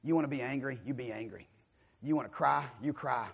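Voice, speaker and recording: A man, preaching a sermon. He swings from loud, emphatic calls to quiet, low passages. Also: a little fast, creaky, breathy edge.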